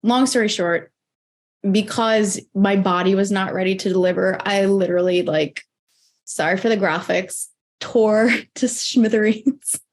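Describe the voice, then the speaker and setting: A woman in her thirties, a podcast guest, telling a personal story in a lively way, acting out what she and others said and using "like" often. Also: mid-range voice, measured pace. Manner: animated, acts out her own and others' quoted lines with lots of "like".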